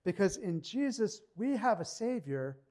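A young man preaching a sermon in a relaxed, conversational way, slowing down when he reads scripture. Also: high voice. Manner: conversational preaching, slows to read scripture aloud. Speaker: pastor.

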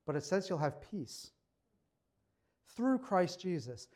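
A young man preaching a sermon in a relaxed, conversational way, slowing down when he reads scripture. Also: high voice. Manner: conversational preaching, slows to read scripture aloud. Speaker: pastor.

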